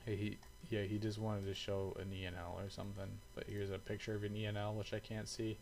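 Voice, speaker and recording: A man's voice: on the low side, flat delivery, fairly quick, darkish tone, soft background music, low-quality recording. A man giving casual, rambling commentary full of swearing and fillers, reacting aloud as he browses online. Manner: rambling and profane, many fillers. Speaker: airsoft video creator.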